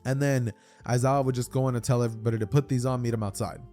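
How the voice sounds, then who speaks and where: A man's voice: mid-range voice, fairly even intonation, very fast, dark tone, faint music behind. A young man casually telling a fan-fiction story, rambling with stammered repeats and many fillers.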